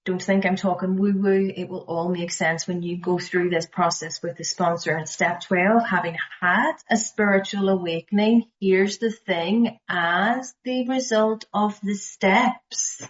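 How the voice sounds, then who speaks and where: A woman with a Northern Irish accent leading a recovery study group, speaking slowly and emphatically, sometimes dropping to a near-whisper. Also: medium pitch, steady tone, lo-fi sound. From Northern Ireland. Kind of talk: earnest study-group talk.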